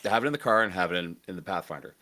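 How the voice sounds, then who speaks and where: Animated man chatting casually. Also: low-pitched, rapid-fire. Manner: animated, laughing storyteller. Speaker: co-host. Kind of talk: casual chat.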